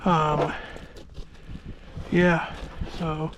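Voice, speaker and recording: A man with a fairly high, level voice stretches out his words, and the audio is dull with background noise. He's a volunteer firefighter chatting casually with his viewers in vlog style, out of breath and sick, rambling with plenty of fillers. He starts outdoors on a march and later talks from inside his parked car.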